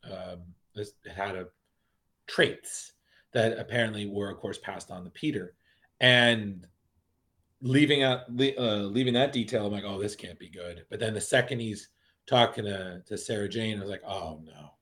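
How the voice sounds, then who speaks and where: A man co-hosting a laid-back podcast speaks at a moderate clip in a lowish, slightly bright voice. His comic book review wanders through a horror title with plenty of fillers and restarts, and he acts out quotes as he goes.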